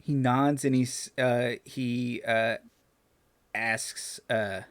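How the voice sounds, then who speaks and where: A man runs a tabletop game as dungeon master, his voice of middling pitch. He talks in halting bursts, full of fillers and restarts as he describes the scene. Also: steady tone.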